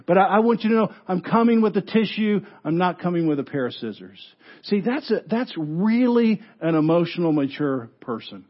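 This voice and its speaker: A man preaching a sermon as pastor, telling stories with animated delivery and frequent restarts. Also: high voice, dull audio. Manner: animated storytelling with repeated restarts.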